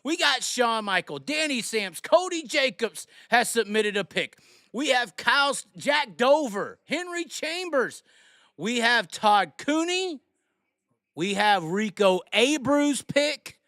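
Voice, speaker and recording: Male live-stream host, very high pitch, brash profane hype-man delivery. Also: very animated, takes it slowly, sharp tone, no room sound, studio quality. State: frustrated and worked up. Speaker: livestream host. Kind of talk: rowdy live-stream chat.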